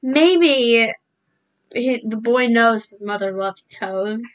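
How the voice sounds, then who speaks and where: A woman's voice: a little high, takes it slowly, rough recording. A young woman, the host's daughter, chatting casually and teasing dryly about the story. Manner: dry, teasing. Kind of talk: casual chat.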